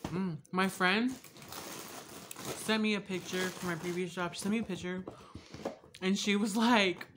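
A young woman vlogging a casual taste test, candid and chatty, swearing freely and drifting between soft asides and loud laughing outbursts. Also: mid-range voice, steady tone, measured pace, pauses often, noisy background.

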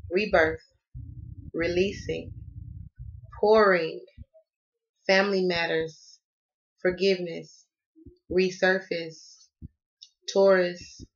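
A woman's voice: lowish voice, gravelly, dull audio. A woman from the American South doing a casual tarot reading, sassy and playful and cussing freely. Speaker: tarot reader.

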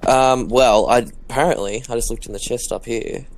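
A man's voice: mid-range voice, fairly even intonation, normal speed, vocal fry. A young man chatting casually while co-hosting a game session, rambling and packing his talk with "like". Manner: rambling, lots of "like" fillers, upbeat. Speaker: gaming co-host.

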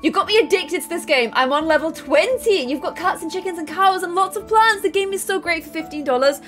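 A young woman streaming a game live, chattering excitably and getting flustered, reading out chat messages between plays. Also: very high-pitched, brisk, soft background music. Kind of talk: live gameplay commentary.

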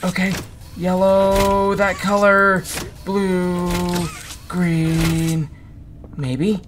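A man's voice: high voice, little pitch movement, very slow, background noise. A man commenting on his own horror game playthrough, jumpy and panicky, swearing and muttering to himself. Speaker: gaming YouTuber.

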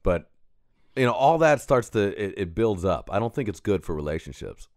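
Man, podcast co-host, lively swooping delivery, low voice, dry close sound, cussing, storytelling. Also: fairly quick, no room sound. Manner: animated, profane, shouts when acting out scenes. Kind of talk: casual storytelling chat.

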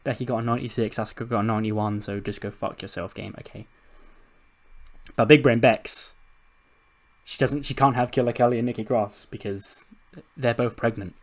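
A man narrates a game with casual, fast storytelling. He swears freely and laughs along. His voice sits at a middling pitch. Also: steady tone. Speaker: gaming channel host. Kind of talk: casual let's-play narration.

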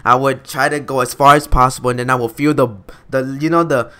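A man's voice: mid-range voice, little pitch movement, brisk, fairly bright tone, smooth. A young man in a casual storytime vlog, talking slangy and loose, calling his viewers guys and dude. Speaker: vlogger.

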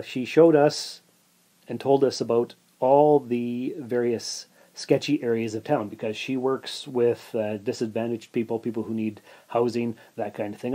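A man's voice: mid-range voice, mellow. A man hosting his own podcast, casually telling a rambling story full of asides and filler words. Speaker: podcast host.

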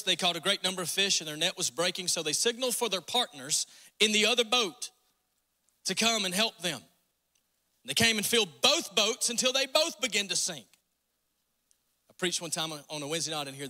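A pastor with a north Georgia Southern accent preaching a folksy, joking sermon in a church sanctuary. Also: male voice, high-pitched, brisk, long pauses, bright, forceful tone. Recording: long reverb in a church hall.

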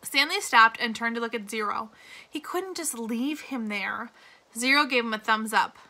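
Bright woman reading a novel aloud. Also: fairly high pitch, moderate pace. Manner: reads dialogue with character voices. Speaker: reader.

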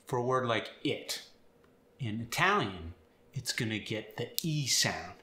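Male accent coach, bright tone, clear explanations, echoey room. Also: mid-range voice, very animated, a little slow. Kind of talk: instructional video.

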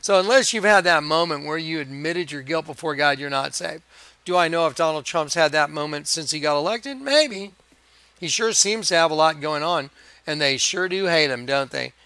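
Male video preacher, crisp clear tone, excitable rambling monologue, dry close recording. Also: a little high, moderate pace, no echo. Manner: excitable, emphatic, chuckling. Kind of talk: rambling religious monologue over images.

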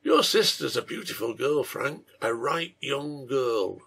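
A coarse, leering bar loafer , as a man reads him aloud talks crudely and boastfully in a storybook reading. The voice carries a gravelly, husky edge. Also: medium pitch, sing-song, measured pace, a bit bright, full character voice.

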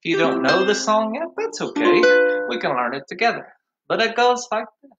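Man, kids' music teacher, cheerful, lively pitch, faint ukulele, slightly muffled sound. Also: moderate pace. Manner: cheerful, sings along with ukulele. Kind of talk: online music class for young children.

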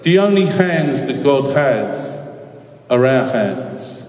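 A guest speaker from London, England gives an inspirational talk to a school assembly, telling stories with a joking edge. He's earnest and mid-pitched, with a sing-song, slow delivery and a darkish tone. Recorded from far off, his voice rings through a large hall with long reverb, sounding roomy and diffuse.

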